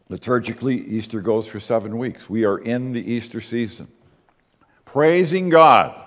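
Emphatic male preacher in a reverberant hall. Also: mid-range voice. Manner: emphatic, with rhetorical questions and slow stressed words. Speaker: pastor. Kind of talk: sermon.

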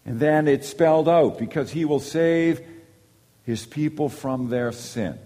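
A man preaching a sermon, moving between quiet, low asides and loud, emphatic lines. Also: measured pace. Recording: long hall reverb.

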